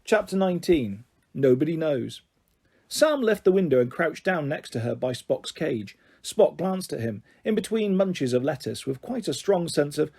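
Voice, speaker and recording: A man narrating a children's novel aloud in an expressive read-aloud style. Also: a little high, normal speed, gravelly, slightly rough. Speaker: audiobook reader. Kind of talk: storybook narration.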